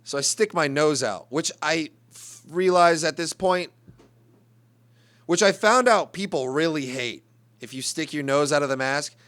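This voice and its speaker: A man's voice: on the high side, a little slow, a bit bright. A young man telling a profane, rambling comic story in an exasperated ranting manner. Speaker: comedian. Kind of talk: comedic monologue.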